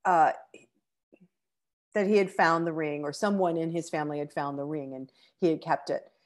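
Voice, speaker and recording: A middle-aged American woman telling a heartfelt personal travel story, halting with fillers and close to tears. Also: low-pitched, steady tone. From United States. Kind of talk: personal anecdote.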